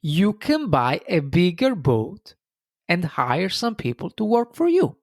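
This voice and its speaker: A man's voice: sits high, wildly swooping pitch, slow, darkish tone, no room sound, clean studio sound, pitched above the performer's own voice, exaggerated voice. A man voicing an impatient businessman who lectures and insists. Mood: lecturing. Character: pushy, impatient male businessman, growing angry.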